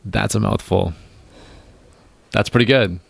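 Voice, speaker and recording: A man's voice: on the low side, a little slow, creaky, slightly rough. A man hosting a podcast in a studio, joking and teasing his guest in a rambling, casual chat. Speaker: podcast host.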